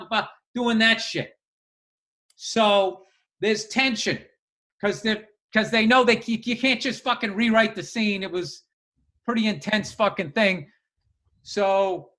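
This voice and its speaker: A man with a high, bright voice swaps profane stories on a podcast. He talks loosely and with lots of swearing as he builds a story. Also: slow. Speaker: podcast co-host. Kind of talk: casual comedic storytelling.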